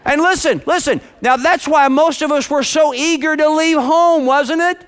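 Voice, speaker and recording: A man preaching a sermon in a church, lively and rhetorical, stretching out key words for emphasis. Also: very high voice, normal speed, a faint crowd. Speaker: pastor.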